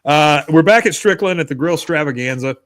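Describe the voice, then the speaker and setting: A man's voice: on the high side, fairly bright tone. Man casually recapping episodes. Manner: retells scenes, acting out characters' lines in quick put-on voices. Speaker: podcast host.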